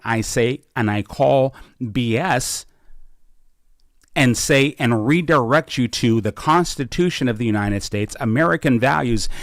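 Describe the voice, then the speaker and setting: A man hosting a podcast, talking about politics in a fervent way and building up to slow, emphatic declarations from a small studio. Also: mid-range voice, fairly bright tone, dry recording. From Washington State. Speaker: podcast host. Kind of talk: impassioned political talk.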